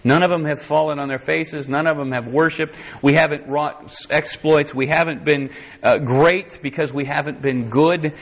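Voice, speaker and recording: A man's voice: fairly high pitch, fairly even intonation, normal speed. A man teaching a verse-by-verse sermon, reading scripture in old English wording and then explaining it in plain words, often restarting his sentences. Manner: reads King James scripture aloud, then explains it plainly; frequent restarts and self-corrections. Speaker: Bible teacher. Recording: dull lo-fi recording.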